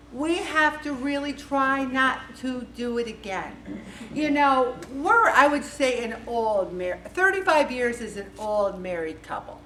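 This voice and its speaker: Woman, 50s, group leader, chatty and lively, higher voice, miked from across a roomy hall. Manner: chatty and animated, acts out quoted voices. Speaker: faith-based support group leader. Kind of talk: casual talk to a group. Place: meeting room. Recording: echoey room from far off.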